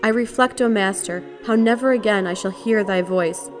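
A woman's voice: medium pitch, moderate pace, music in the background, lightly acted. A woman reading the lament of a grieving mother over her dead son, in solemn, archaic prayer language. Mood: mournful. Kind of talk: liturgical reading.

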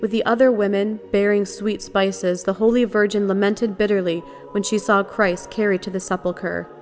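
A woman giving a measured, reverent reading of liturgical texts. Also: medium pitch, fairly even intonation, faint music behind.

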